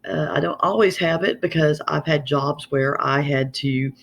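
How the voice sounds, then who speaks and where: With a voice on the high side and a fairly bright tone, a man from Southern Appalachia, USA, casually explains regional sayings. His twangy accent is drawn out, and his manner is chatty and folksy.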